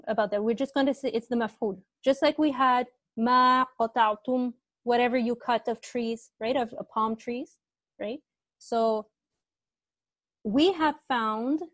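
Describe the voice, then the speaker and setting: A woman's voice: on the high side, no echo. A woman teaching an online Arabic grammar class, patiently asking her students questions and repeating their answers.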